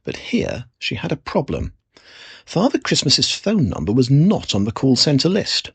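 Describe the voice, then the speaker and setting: Husky, lively storybook narrator. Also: medium pitch, measured pace. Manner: expressive, animated storytelling. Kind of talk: storybook reading.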